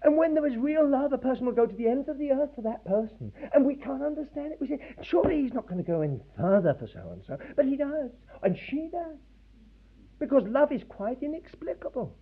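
Animated male preacher on a tinny recording. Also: very high voice, breathy edge. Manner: animated and emphatic, with pauses. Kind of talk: sermon. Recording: tinny phone-like old recording.

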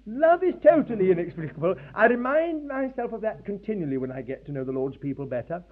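A high-voiced man preaches with wide swings of pitch, emphatic and full of pauses. His voice is husky, and the old recording sounds thin and tinny, like a phone line. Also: very animated. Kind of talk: sermon.

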